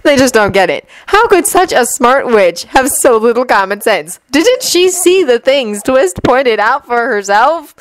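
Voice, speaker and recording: A woman's voice: fairly high pitch, very animated, a little slow, hardly any pauses, no echo, voice pushed up, rough recording. A defiant teenage boy wizard, curt and resentful, read by a woman in a close, dry recording. He sounds fed up and guarded, snapping back at his friends. It is a plain, lightly acted storybook voice. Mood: frustrated.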